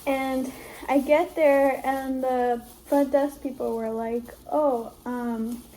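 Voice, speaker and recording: A young woman speaks to her camera in a casual, halting way, her speech full of "like" as she works through something emotional. Her voice sits slightly high yet sounds warm and mellow. A faint room ambience hums underneath. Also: flat delivery, slight background noise. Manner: heavy use of "like", halting and emotional. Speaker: vlogger.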